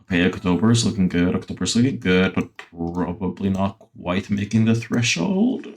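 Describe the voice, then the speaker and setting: Casual gameplay commentary on a theme-park building game comes from a man with a deep voice and lively intonation. He talks at a moderate pace with few pauses into a desktop mic, filling gaps with fillers and the occasional swear.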